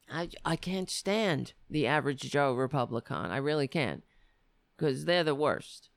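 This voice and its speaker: Woman doing a comic monologue, sardonic, rambling, lively swooping pitch, slow delivery. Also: dry recording. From United States. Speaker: comedian. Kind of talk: stand-up style comic monologue.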